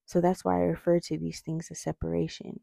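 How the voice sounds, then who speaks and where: A young faith vlogger with retainers in her mouth gives an earnest devotional talk on prayer, often checking in with "right?" Her lowish, mellow voice has vocal fry and a slight lisp from the retainers, delivered completely flat and a little fast, with no room sound.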